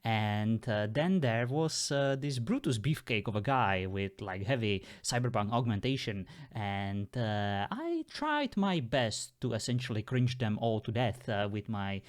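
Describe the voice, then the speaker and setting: A man's voice: fairly low pitch, lively intonation, a little slow, few pauses. A man playing a text adventure, chatting casually and rambling with lots of "uh"s. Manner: rambling, full of uh fillers. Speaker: player. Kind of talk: casual role-play chat.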